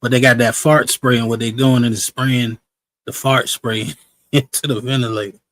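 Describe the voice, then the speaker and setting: A man's voice: medium pitch, level tone, moderate pace, fairly bright tone, a little hiss or hum, low-quality recording. Slangy, chatty male stream host. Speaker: livestream show host. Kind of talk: casual live-stream commentary.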